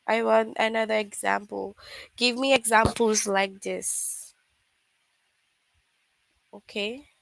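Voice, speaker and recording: Online class teacher, woman, unhurried and patient, dry close sound. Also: on the high side, steady tone, creaky, no room sound. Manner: patient, repeats examples slowly.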